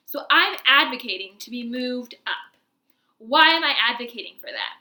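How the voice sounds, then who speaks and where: Upbeat, bright-voiced woman vlogging. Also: high voice. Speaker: video creator and learning-disability advocate. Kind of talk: casual explainer vlog. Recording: roomy echo.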